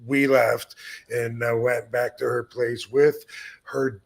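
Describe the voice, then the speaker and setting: A man's voice: mid-range voice, level tone, takes it slowly, creaky. A man in his fifties hosting a podcast, telling a rambling, profane, self-deprecating story in casual talk. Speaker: podcast host.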